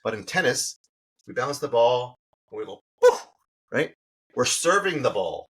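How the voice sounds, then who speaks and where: Appearing on an interview show, the middle-aged sales coach spins animated stories and performs the dialogue within them in a relaxed exchange. He speaks at a moderate pace, medium-pitched and slightly breathy.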